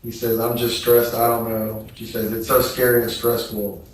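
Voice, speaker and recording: A man testifying at a trial, reading text messages aloud in a slow, subdued, flat way. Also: medium pitch. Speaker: trial witness. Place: courtroom. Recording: echoey courtroom from far off.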